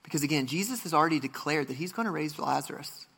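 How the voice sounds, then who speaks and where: Bright-voiced male pastor preaching. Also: a little high, animated, fast, gravelly, husky. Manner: earnest, restarts often, rises to passionate emphasis. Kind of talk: sermon.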